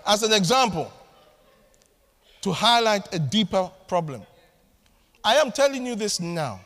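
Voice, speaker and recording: Animated high-voiced male preacher. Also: unhurried. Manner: animated, acts out family scenes with voices. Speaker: pastor. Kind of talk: sermon. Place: church hall. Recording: long hall reverb.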